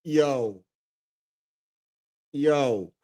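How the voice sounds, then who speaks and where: A man's voice: mid-range voice, very slow, dark tone. A man from the Dominican Republic hosting a stream, reacting to clips in loose, profane chat full of "bro" and frequent laughter. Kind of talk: casual reaction commentary.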